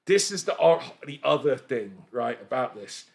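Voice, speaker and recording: A man in his forties, a podcast guest telling stories in a casual, animated way, laughing and swearing freely. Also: mid-range voice, normal speed. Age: 40s. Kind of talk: casual storytelling chat.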